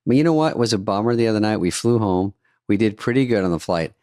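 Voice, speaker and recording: An older man co-hosting a podcast with a deep, low voice. He tells stories in dry, sarcastic riffs. The sound is close and dead, with no room echo. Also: quick pace, warm tone. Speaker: podcast co-host. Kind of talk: casual chat. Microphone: studio podcast mic.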